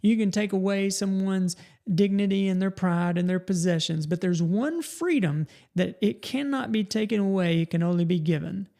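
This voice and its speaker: Gravelly man giving a motivational talk. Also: high-pitched, moderate pace, mellow. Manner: folksy, repeats and restarts words. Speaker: podcast host.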